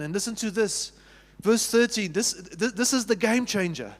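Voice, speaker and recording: A man's voice: very high-pitched, moderate pace, fairly bright tone. A man with a South African accent preaching a sermon as pastor, talking with the congregation in an easy, conversational way, often restarting and asking them questions. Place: church sanctuary. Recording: long reverb of a church hall.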